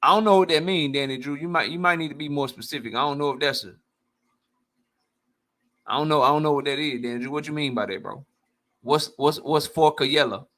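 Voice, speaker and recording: A male boxing channel host giving blunt, profane, slang-heavy commentary and answering his live chat in a casual, animated way. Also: a little high, fairly quick.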